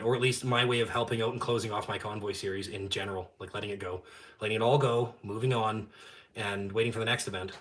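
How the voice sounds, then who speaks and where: A man hosting a live stream, talking bluntly and with heavy swearing, jumping from loud outbursts to low muttered asides. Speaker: YouTube channel host. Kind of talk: profane live-stream rant.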